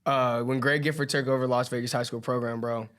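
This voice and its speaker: A man's voice: medium pitch, little pitch movement, a bit bright, clean tone. A male podcast host and wrestling coach in casual chat, peppering his talk with "bro". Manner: rapid, says "bro" constantly.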